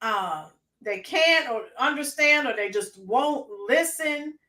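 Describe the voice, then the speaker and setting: A woman's voice: high voice, lively intonation, takes it slowly, pushed and bright, echoey room. A woman hosting a casual political livestream, getting fired up and talking to her chat by name. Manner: fired-up, talks back to live chat by name. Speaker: livestream host.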